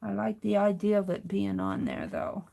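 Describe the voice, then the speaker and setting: A woman hosting a crafting livestream, talking slowly and muttering to herself as she works, then greeting her chat. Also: medium pitch, big pitch swings, creaky. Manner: slow, muttering to herself while working, greets chat warmly. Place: home craft studio.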